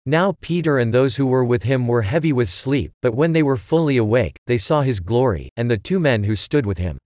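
A man's voice: mid-range voice, lively intonation, fairly quick, darkish tone, dry recording. Man reading scripture, dry close sound. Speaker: scripture reader.

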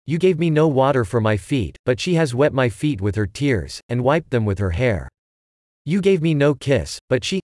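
A man reads scripture aloud in a steady, measured way. His voice sits in a middle register and is recorded close and dry, with no room around it. The delivery stays even from passage to passage. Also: medium pitch, dry recording. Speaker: scripture reader. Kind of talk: scripted Bible reading.

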